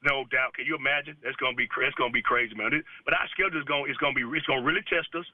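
A man's voice: medium pitch, very fast, no echo. A male basketball coach calling in to a sports radio show, telling stories casually with slang. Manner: casual, animated storytelling with slang. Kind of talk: phone-in interview. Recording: tinny phone line.

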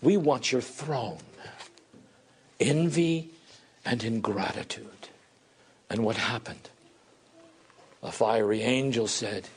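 Slow, dramatic male preacher. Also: slightly rough. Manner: dramatic, swings between loud emphatic peaks and hushed low passages. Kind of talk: sermon.

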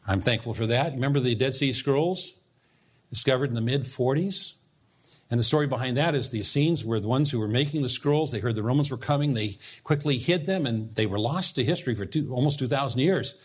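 A man's voice: medium pitch, a little fast. A man preaching a sermon as pastor, teaching earnestly and putting questions to his congregation.

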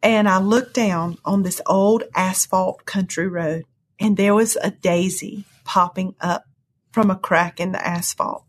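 A woman recounting a personal testimony in an interview. Her voice is soft and breathy, with an earnest, storytelling flow. At emotional moments it climbs sharply upward. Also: fairly even intonation, measured pace. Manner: earnest storytelling, swings to high cries when reliving moments. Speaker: guest sharing testimony.

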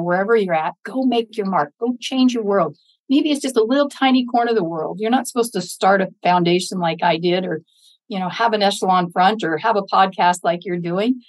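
A woman's voice: mid-range voice, no echo, poor audio. Earnest woman telling a faith story. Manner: earnest, faith-filled, animated when quoting others. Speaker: podcast guest, Gold Star mother. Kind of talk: interview storytelling.

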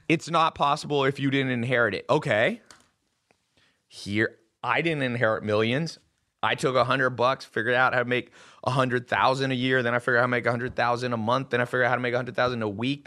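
A man's voice: medium pitch, pushed and bright. A man hosting a podcast in casual chat, telling brash stories and swearing freely. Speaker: podcast host. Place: studio table with guests.

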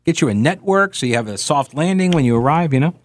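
A man's voice: on the high side, lively intonation, quick pace, a little hiss or hum. A man hosting a talk radio show. He reads out listener emails and answers them in a sarcastic, mocking way.

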